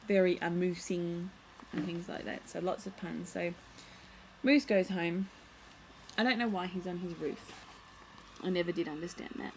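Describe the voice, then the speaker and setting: A woman's voice: fairly low pitch, darkish tone, slight background noise, low-quality recording. Chatty young woman vlogger, home camera. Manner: chatty, aside-prone, playful. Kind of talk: casual show-and-tell of a picture book.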